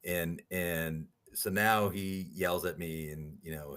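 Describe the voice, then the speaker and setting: A very deep-voiced man telling his stories as a guest on an interview podcast. He speaks in an animated way and keeps tagging his points with a quick "right?". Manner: animated storyteller, rhetorical "right?" tags. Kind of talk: storytelling interview talk.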